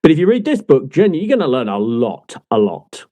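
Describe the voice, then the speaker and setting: A man's voice: medium pitch, wildly swooping pitch, fairly quick, dark tone. A man hosting a casual book podcast, teasing his co-host with jokey banter. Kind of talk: casual chat.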